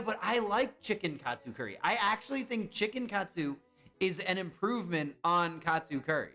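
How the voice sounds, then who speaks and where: A young man chatting casually on a live stream, excitable and swearing when he guesses wrong. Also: sits high. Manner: excitable, swears and yelps at misses.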